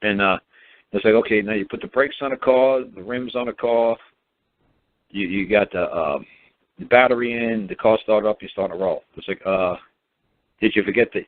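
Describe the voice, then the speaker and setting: Low-voiced folksy man on a phone line. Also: moderate pace. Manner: folksy, rambling, plain-spoken. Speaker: host. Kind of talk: casual advice monologue. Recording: tinny phone-line sound.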